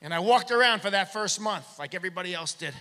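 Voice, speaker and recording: A man doing a stand-up comedy set, animated, acting out shouted bits of his stories. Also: sits high, fast talker. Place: theater stage. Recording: long hall reverb from a theater.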